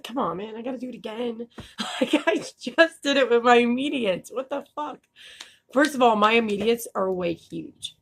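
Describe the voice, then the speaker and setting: A woman's voice: medium pitch, gravelly, fairly bright tone. Candid woman vlogger with a slight lisp. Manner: candid, laughing, swears freely. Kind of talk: casual vlog talk.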